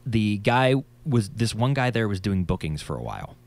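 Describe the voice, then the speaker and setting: A man's voice: lowish voice, normal speed, vocal fry. A man, a musician, chatting casually and telling stories with a slightly nasal voice, swearing freely. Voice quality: a little nasal. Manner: animated storyteller, swears freely. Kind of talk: casual podcast chat, storytelling.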